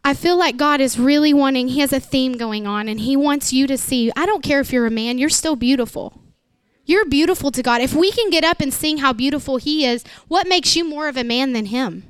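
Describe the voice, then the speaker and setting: A woman's voice: high voice, a little fast, no room sound, studio quality. A woman pastor, preaching an emotional, emphatic sermon.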